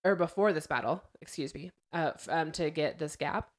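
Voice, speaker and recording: A woman's voice: low voice, normal speed. Chatty woman retelling a story. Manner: chatty storyteller, acts out quotes. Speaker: podcast host. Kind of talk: casual podcast chat.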